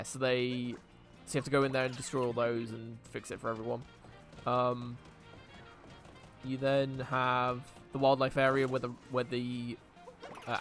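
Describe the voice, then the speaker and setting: A man's voice: medium pitch, fairly bright tone. A man streaming a video game and chatting casually, rambling with many fillers and restarts. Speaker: live streamer. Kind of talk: casual gameplay chat.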